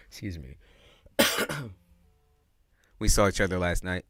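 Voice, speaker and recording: A man's voice: lowish voice, very animated, measured pace, long pauses, no echo, studio quality. A man giving a casual livestream tarot reading, talking in slang, with lots of expression and frequent laughs. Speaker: tarot reader.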